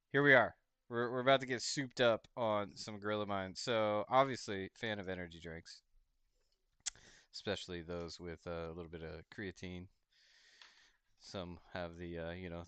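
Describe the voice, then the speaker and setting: A man hosting a casual crypto livestream, chatting loosely, chuckling often and reading a product label aloud haltingly. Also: deep voice, pushed and bright, clean tone, dry recording. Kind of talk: casual rambling livestream chat.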